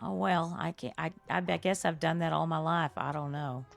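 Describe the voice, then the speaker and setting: An older woman hosts a live game stream. She talks in an effusive, chatty way and laughs often. Her voice has a slight fry, and faint music runs in the background. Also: low voice, steady tone, moderate pace. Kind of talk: live-stream chat while playing.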